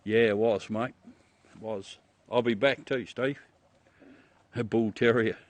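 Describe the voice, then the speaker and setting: A man's voice: lowish voice, fairly even intonation, slow pace, no echo. A middle-aged Australian man casually chatting with viewers on a livestream, joking, swearing and laughing often as he shows the moon through a telescope. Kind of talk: casual live chat with viewers.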